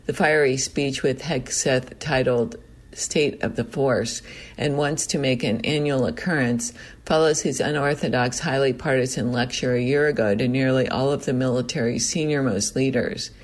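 A man reading a news report aloud in a steady, measured delivery. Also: medium pitch. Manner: steady, measured read with a self-correction. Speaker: news reader.

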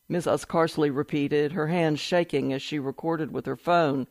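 Man reading a news story, slightly high voice, dry close sound, steady and measured. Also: dry recording. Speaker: article reader. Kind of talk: reading a news report aloud.

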